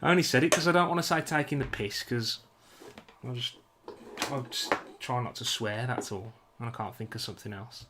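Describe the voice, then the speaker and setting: A man's voice: medium pitch, brisk, noisy background. A young British man with a British accent chatting casually with his live-stream viewers while he works at a bench, joking about himself and apologising a lot. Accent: British English. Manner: chatty, self-mocking, apologetic banter with chat.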